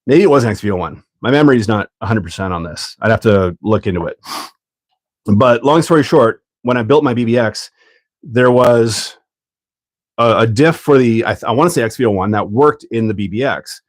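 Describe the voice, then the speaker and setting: A man hosting a casual livestream while building a kit, rambling and thinking out loud, often laughing. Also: mid-range voice, a little fast, no room sound.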